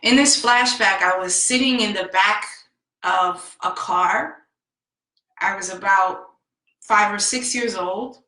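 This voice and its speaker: A woman vlogger telling a personal story in a slow, heartfelt and emphatic way. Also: medium pitch, sharp tone, roomy sound, rough recording. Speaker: self-help vlogger.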